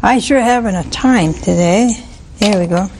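A woman's voice: mid-range voice, normal speed, a little mellow, a little hiss or hum. A woman preacher giving a folksy sermon, telling stories with frequent chuckles and asides like "see?". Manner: folksy storytelling, chuckles often, asks "see?".

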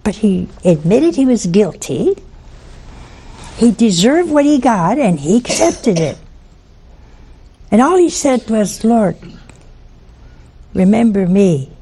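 A woman delivering a televised sermon in a folksy, teasing manner. She speaks very slowly, and her voice is gravelly with creak. She keeps asking her viewers rhetorical questions. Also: fairly high pitch, very animated, dark tone, a little hiss or hum. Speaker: preacher.

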